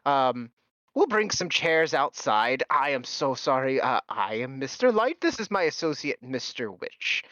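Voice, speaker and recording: An effusive carnival host gushes in a high, swooping voice, fussy and overly polite, as a man puts him on. The sound is dull and lo-fi. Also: big pitch swings, a little slow, bright, forceful tone, no echo. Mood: gushing.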